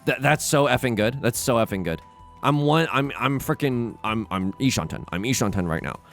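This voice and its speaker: A man's voice: mid-range voice, expressive, normal speed, a bit bright, faint music behind. A young man casually commentating his own gameplay, thinking aloud and joking at his own expense. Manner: chatty, self-mocking, thinks aloud with frequent laughs. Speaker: let's play host.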